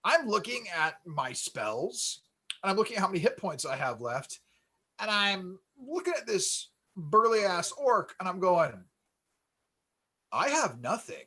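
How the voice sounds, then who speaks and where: A man casually telling a tabletop game story on a podcast, acting out quotes with growing excitement. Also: sits high, measured pace, husky, rough recording. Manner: animated storyteller, acts out quotes with rising excitement. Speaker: podcast co-host.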